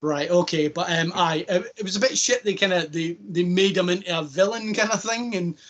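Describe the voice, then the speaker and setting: A man's voice: high-pitched, fairly bright tone, highs cut off. Rambling man, lots of fillers. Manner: rambling, filler-heavy, acts out scenes with quick impressions. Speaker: podcast host. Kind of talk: casual chat.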